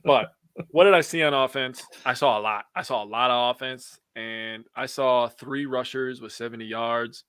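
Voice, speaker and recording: A man in casual sports chat, loud and animated, cursing freely and laughing at his own stories. His voice is bright and the sound is dry and close, with no room around it. He reacts big and talks fast when worked up. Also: mid-range voice, smooth, no echo. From Wisconsin. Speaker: podcast co-host.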